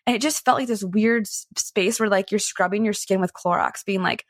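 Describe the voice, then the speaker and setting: A young woman recounting a painful personal story in a halting, candid way, full of "like" and false starts. Her voice sits in an ordinary middle register. The sound is dry and close, with no room around it. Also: mid-range voice, vocal fry, no room sound. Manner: halting, frequent "like" fillers and restarts, emotional recounting. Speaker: guest recounting a personal experience.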